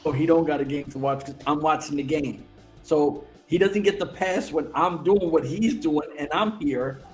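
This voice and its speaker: Man, co-host, casual podcast chat, animated, excitable, swears a lot, somewhat high voice, echoey room. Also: moderate pace, soft background music. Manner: animated, profane, excitable storytelling.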